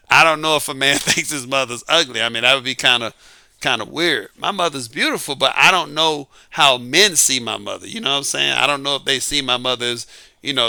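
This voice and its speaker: A man's voice: medium pitch, gravelly, sharp tone, no room sound. A middle-aged man talking casually about dating, emphatic and full of rhetorical questions. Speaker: dating advice talker. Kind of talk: casual monologue.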